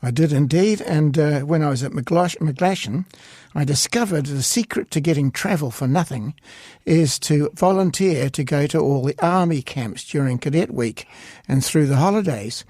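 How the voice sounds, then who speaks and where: Older man, halting storyteller, fairly high voice. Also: a little mellow, no echo, studio quality. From Scotland. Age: 80s. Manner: halting, anecdotal storytelling with frequent hesitations. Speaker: guest illustrator. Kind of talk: reminiscing interview.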